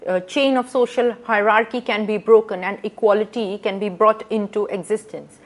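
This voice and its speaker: A woman lecturing to students, reading out quotations and explaining them with rhetorical questions and frequent pauses. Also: mid-range voice, steady tone. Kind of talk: recorded lecture.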